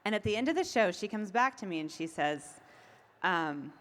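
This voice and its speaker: A woman's voice: medium pitch, animated, normal speed, fairly bright tone. A woman being interviewed, telling stories in a chatty way with frequent ums and laughs. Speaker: event organizer. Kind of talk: casual interview.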